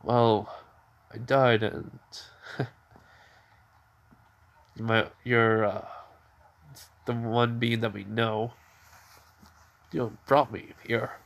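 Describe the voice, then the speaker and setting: A blunt young male alchemist mentor from a homemade fan story, matter-of-fact and calling the boy kid in a mid-pitched voice, as a man narrating does him. It sounds close to the narrator's own voice. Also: level tone, very slow, gravelly, long pauses.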